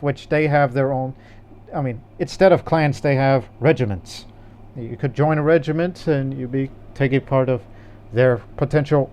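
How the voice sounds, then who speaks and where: A man's voice: mid-range voice, darkish tone. A man co-hosting a casual gaming podcast, rambling with fillers and restarts. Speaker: podcast co-host.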